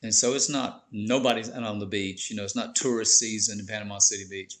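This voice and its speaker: A man's voice: on the low side, steady tone, brisk, fairly bright tone. A man, a bishop, telling his faith story on a podcast in an earnest, heartfelt way, often saying "man". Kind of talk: emotional testimony in casual chat.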